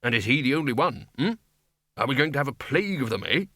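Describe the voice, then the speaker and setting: A man voicing a flat, pedantic elderly male wizard lecturer in an audiobook, speaking slowly and matter-of-factly. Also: medium pitch, no room sound, clean studio sound. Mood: probing. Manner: flat, slow and matter-of-fact.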